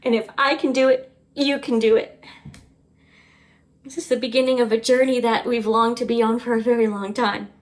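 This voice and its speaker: A woman's voice: fairly high pitch, fairly even intonation, normal speed, long pauses. Earnest, emotional woman homestead vlogger. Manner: earnest, openly emotional and chatty. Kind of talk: casual home vlog chat.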